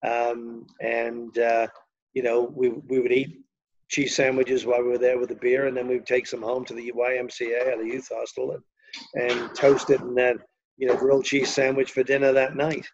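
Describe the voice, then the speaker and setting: Speaking at a moderate pace with a flat, medium-pitched delivery, this older Englishman with a Liverpool accent rambles through lengthy anecdotes full of fillers. He's being interviewed as a storyteller, and the recording is dull.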